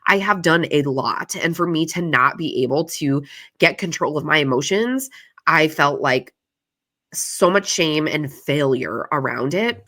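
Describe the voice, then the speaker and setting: A woman's voice: deep voice, pushed and bright. A woman hosting a podcast, telling her story in a casual, confessional way, swearing freely and using lots of "like" fillers. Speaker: podcast host. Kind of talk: candid solo podcast monologue.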